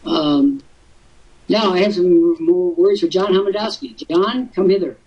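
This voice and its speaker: A man's voice: high voice, measured pace, darkish tone, far from the mic. An older man hosting a live webcast talk show, telling stories expansively with theatrical asides. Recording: husky voice from off-mic, muffled lo-fi audio.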